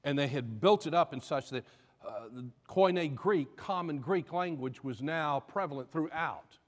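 A man's voice: fairly high pitch, measured pace, long reverb tail. A man preaching a sermon as pastor, building to emphatic bursts and telling a joke along the way.

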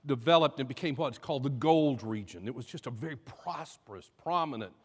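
A man's voice: medium pitch, a little fast, darkish tone, breathy edge, long reverb tail. A man preaching a sermon as pastor, building to emphatic bursts and telling a joke along the way.

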